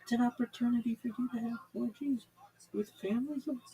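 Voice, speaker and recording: A man voicing a calm, soothing woman who hosts a late-night radio call-in show, speaking with slow, gentle reassurance. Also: very high-pitched, voice pushed up, rough recording.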